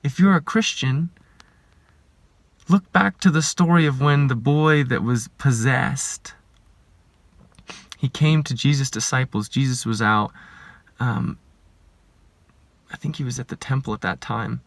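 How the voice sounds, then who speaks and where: Slow, earnest man giving a spiritual talk. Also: mid-range voice, gravelly, dry recording. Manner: measured and earnest, slow deliberate phrasing, rhetorical questions. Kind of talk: reflective spiritual talk to camera.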